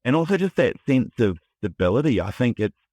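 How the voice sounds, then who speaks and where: A man from New Zealand with a New Zealand accent, talking candidly and excitedly as a podcast guest, swearing freely and often restarting his sentences. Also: mid-range voice, brisk, dry recording. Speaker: podcast guest, music producer. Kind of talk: casual chat.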